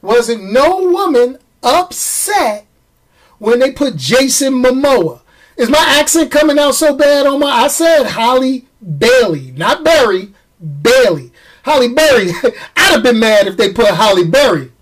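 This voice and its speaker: A man with a New York accent chatting casually to camera as a movie vlogger, emphatic and repetitive, laughing at himself and jumping up in pitch when worked up. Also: animated, measured pace. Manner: chatty, emphatic, repeats phrases for effect.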